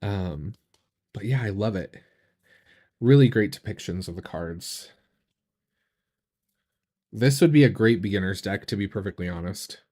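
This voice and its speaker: A man with a lowish voice hosts a casual live stream, talking in a loose, meandering way. He restarts his sentences often and fills gaps with little hesitations. His tone stays keen and appreciative as he goes. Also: unhurried, long pauses. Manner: relaxed, rambling, full of fillers and restarts; enthusiastic about what he shows. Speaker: tarot reader and channel host.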